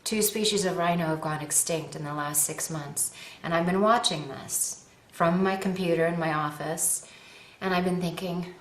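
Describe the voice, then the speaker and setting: Woman, earnest personal appeal, rambling, self-deprecating, fairly low voice, echoey room. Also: steady tone, normal speed. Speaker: actress and animal-rights advocate. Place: at home with her dog nearby. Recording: roomy echo.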